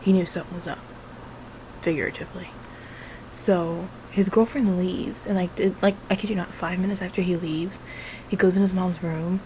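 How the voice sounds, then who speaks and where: A woman's voice: fairly low pitch, steady tone, normal speed, warm tone, slight background noise, low-quality recording. Giggly, foul-mouthed woman vlogger. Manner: giggly, profane, keeps breaking into laughter. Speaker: vlogger reviewing a film. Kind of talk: casual film recap.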